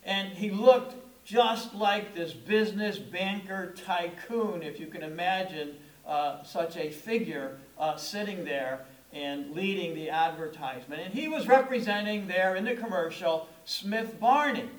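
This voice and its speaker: High-voiced middle-aged pastor in an echoey church. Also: male voice, measured pace, few pauses. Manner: conversational, storytelling preaching with emphatic stresses. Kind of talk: sermon. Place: church sanctuary. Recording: echoey room.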